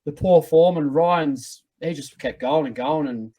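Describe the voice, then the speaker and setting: A man with an Australian accent, chatting casually as a podcast co-host in a relaxed way. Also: fairly high pitch, unhurried, low-quality recording. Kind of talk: casual chat.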